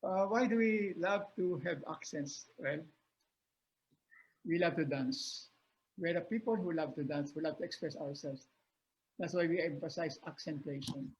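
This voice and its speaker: Older filipino guy on a video call, kinda high voice, says each word again and again, chuckles a lot, muffled lo-fi sound. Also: normal speed. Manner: explains words by repeating them, laughs often. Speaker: guest professor. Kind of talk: webinar talk.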